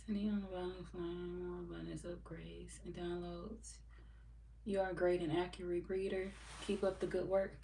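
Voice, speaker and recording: A low-voiced woman hosting a live tarot stream, talking loosely and swearing freely between readings. She sits back from the mic, so her voice carries a roomy echo over a faint hum. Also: level tone, normal speed, creaky, warm tone, far from the mic. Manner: laid-back, swears freely, laughs often. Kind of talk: casual live-stream chat reading comments.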